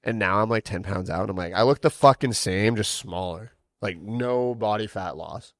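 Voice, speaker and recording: A young man with a low, gravelly voice swears freely as he chats on a podcast and acts out what people told him. The recording is dry and close. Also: normal speed, no room sound. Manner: blunt, swears a lot, acts out quotes. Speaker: podcast co-host. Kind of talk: casual chat.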